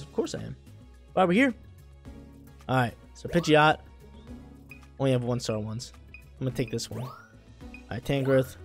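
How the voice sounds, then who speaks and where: A young man casually commenting while he plays a video game, laid-back and slangy, with sudden loud bursts of excitement. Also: mid-range voice. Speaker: gameplay streamer.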